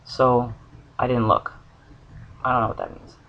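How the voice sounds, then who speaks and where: A man's voice: medium pitch, measured pace, creaky, dull audio. A man telling a personal dream story to the camera, earnest and searching for words, with an occasional cough. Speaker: spiritual vlogger.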